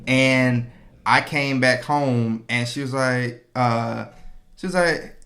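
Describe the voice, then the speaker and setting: A man, co-hosting a relaxed podcast chat with his wife. He tells stories with energy and acts out what people said. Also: mid-range voice, slow, vocal fry. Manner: animated storyteller, acts out quotes. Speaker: podcast co-host. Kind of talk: casual chat.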